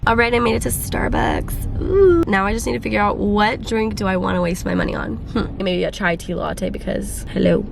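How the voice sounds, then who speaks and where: A woman's voice: medium pitch, brisk, creaky, few pauses, noisy background. Chatty, giggly young woman vlogging from her car. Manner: chatty, giggly, self-mocking. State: congested, phlegmy. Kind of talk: casual chat to camera. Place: in a car at dawn.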